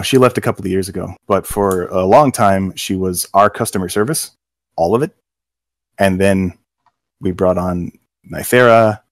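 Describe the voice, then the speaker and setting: A middle-aged man in casual chat, telling a story about his job with quick quoted voices. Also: deep voice, creaky, dry recording. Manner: animated anecdote with acted quotes. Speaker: game company co-worker telling his hiring story.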